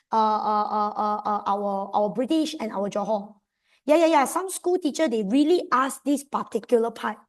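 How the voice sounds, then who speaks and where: Lively Malaysian woman tutoring. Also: high-pitched. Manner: lively, emphatic, mixes in local slang particles. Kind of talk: exam revision lesson.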